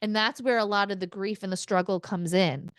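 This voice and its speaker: A woman speaks a little fast in a clean tone, recorded dry. She's a medium giving a casual spirit reading, chatty and laughing often, with the occasional swear word, and she relays quotes in an excited, higher voice.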